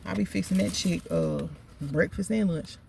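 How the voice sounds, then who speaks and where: A woman chats through a casual eating vlog and tells her story emphatically between bites. Her voice has a gravelly edge. Constant car noise hums behind her. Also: on the low side, normal speed, warm tone. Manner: chatty, emphatic, Southern US slang. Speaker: food vlogger.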